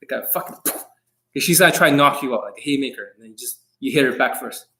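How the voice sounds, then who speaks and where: A man's voice: mid-range voice, expressive, quick pace, bright, forceful tone. A man coaching on a live stream, answering viewer questions in a blunt, profane, brash way. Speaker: dating coach.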